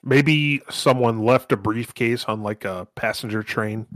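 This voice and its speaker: A man's voice: mid-range voice, unhurried, dry recording. A man co-hosting a podcast in casual chat, laid-back and blunt, swearing at times. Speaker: podcast co-host.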